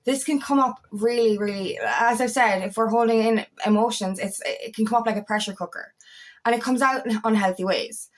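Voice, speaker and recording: A woman's voice: fairly high pitch, fairly quick. A woman, an empowerment coach, talking candidly and emphatically, swearing often and sometimes raising her voice. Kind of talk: candid personal monologue.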